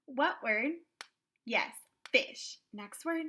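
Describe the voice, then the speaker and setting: Woman kindergarten teacher, bright tone, very slow deliberate phonics prompts, cheerful and clear. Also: fairly high pitch, expressive. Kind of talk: online phonics lesson.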